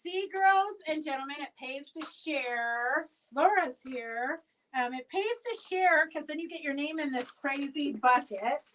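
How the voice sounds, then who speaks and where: A woman's voice: sits high, lively intonation, unhurried, fairly bright tone, recorded from a distance, slight background noise, low-quality recording. A woman who owns a fabric shop hosts a live sale stream, chatting in a rambling way and calling out auction winners by name.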